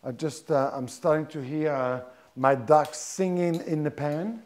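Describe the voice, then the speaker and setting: A man's voice: a little high, a little mellow. A middle-aged man, a chef talking his audience through a live cooking demonstration in a chatty way, often restarting his sentences. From France. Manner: chatty, halting restarts, explains step by step.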